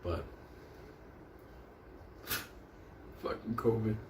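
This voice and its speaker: A man's voice: lowish voice, drawn-out words, darkish tone, slight background noise. A man on a profane, rambling rant, drifting off mid-thought and restarting. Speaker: vlogger. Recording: roomy echo, faint ambience.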